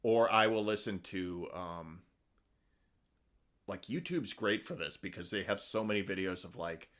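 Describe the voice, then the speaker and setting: A man's voice: low-pitched, a little slow, fairly bright tone. A middle-aged man co-hosting a podcast, chatting casually and rambling with many ums and restarts. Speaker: podcast co-host. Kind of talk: casual chat.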